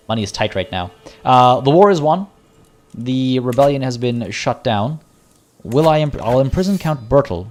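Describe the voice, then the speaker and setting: A man's voice: medium pitch, a little mellow. Wry male game streamer. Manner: chatty, wry, mock-villainous asides. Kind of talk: casual live gameplay commentary.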